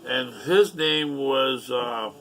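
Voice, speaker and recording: A man's voice: mid-range voice, drawn-out words, a bit bright, slight background noise. A middle-aged man telling a rambling personal story in a casual, profane, aggrieved way.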